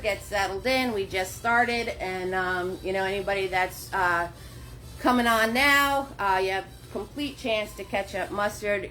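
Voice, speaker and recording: A woman with a medium-pitched, slightly bright voice leads a live online painting class from her home studio. She's chatty and encouraging, laughs often and greets viewers by name, with faint background music and a little hiss or hum.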